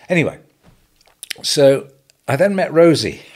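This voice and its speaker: Older English businessman, husky, low-pitched, lively storyteller, podcast guest. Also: fairly quick. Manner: animated anecdotal storytelling, chuckling. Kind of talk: storytelling interview.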